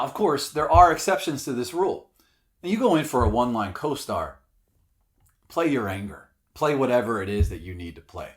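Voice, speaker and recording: A middle-aged man, an acting coach, giving casual spoken advice with emphasis, swearing now and then. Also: medium pitch.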